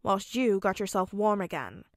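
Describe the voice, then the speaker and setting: A woman voicing a stern, worried man who is a teenager's father figure, in a fan audiobook reading, commanding and gruff. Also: medium pitch, expressive, normal speed, dry recording, clean studio sound, lightly acted. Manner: commanding, then gruffly tender.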